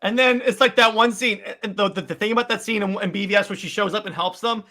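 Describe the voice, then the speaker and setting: A man co-hosting a podcast in casual chat, talking excitedly with many stammered restarts. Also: high voice, quick pace. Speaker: podcast co-host.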